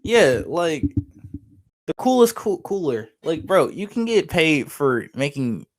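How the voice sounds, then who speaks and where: A young man co-hosting a podcast, talking in a lively, rambling way with lots of "like" and swearing. His voice sits fairly high for a man. The sound is close and dry, with no room around it. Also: takes it slowly, dry recording. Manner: animated, swearing, laughing, lots of "like". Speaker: podcast co-host. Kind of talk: casual podcast chat.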